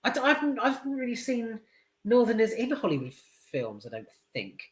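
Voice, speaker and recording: A woman's voice: on the high side, a little fast. A woman gives a rambling film review. She swears and often trips over her words. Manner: rambling and animated, sweary, many hesitations. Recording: roomy echo.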